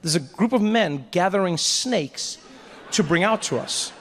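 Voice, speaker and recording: A male stand-up comedian telling a story on stage in an animated, self-mocking way. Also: sits high, a little slow, in a large hall, slight background noise. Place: stage before a live audience.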